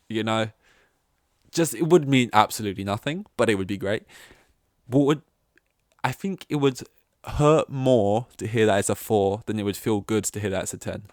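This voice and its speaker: A man's voice: on the low side, expressive, normal speed, pauses often, no room sound, studio quality. A young man hosting a solo podcast, rambling and self-mocking in casual chat. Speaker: podcast host.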